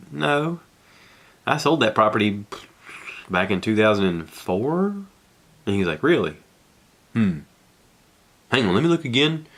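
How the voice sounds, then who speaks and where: Podcast host, middle-aged man, deep voice, loose rambling storyteller who acts out the quotes. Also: bright, forceful tone. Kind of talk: casual storytelling monologue. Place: outdoors on his back porch.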